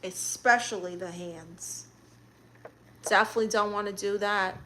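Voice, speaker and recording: A woman's voice: medium pitch, steady tone, unhurried, fairly bright tone, a little hiss or hum. A woman with a Brooklyn accent streaming live, reading viewer comments aloud and answering them with blunt, sassy comebacks. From Brooklyn, New York.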